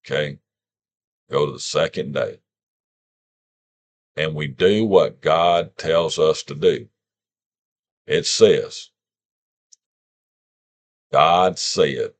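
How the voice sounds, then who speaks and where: Slow, deep-voiced man teaching. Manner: informal, sounds out words, rhetorical questions. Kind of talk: scripture lesson.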